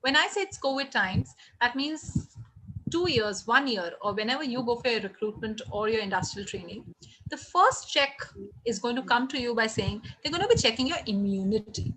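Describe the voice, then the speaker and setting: A bright, high-pitched middle-aged woman with an Indian English accent teaches a live online class over a video call. She is lively and encouraging, and she reads comments from the chat aloud. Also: moderate pace, slight background noise, poor audio. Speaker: hospitality trainer. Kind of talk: live online training session.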